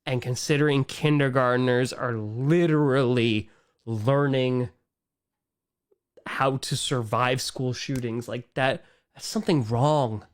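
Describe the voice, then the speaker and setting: A man's voice: medium pitch, takes it slowly, clear, resonant tone. Exasperated man ranting on a live stream. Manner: animated, exasperated, trails off and repeats himself.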